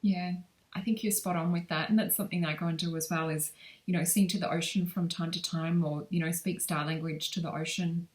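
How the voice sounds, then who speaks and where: Woman life coach as guest, lowish voice, thoughtful and agreeable in casual talk. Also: steady tone, fairly quick. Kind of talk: casual spiritual conversation.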